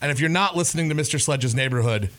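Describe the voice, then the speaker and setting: A man's voice: fairly high pitch, fast talker, fairly bright tone. A man co-hosting a podcast, telling stories in a playful, rambling casual chat. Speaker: podcast co-host.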